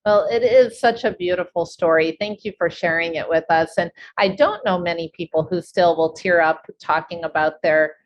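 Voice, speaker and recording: Female host, lowish voice, affirming; muffled lo-fi audio with faint hiss. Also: moderate pace, few pauses. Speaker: podcast host. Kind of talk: interview talk. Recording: dull lo-fi with faint noise.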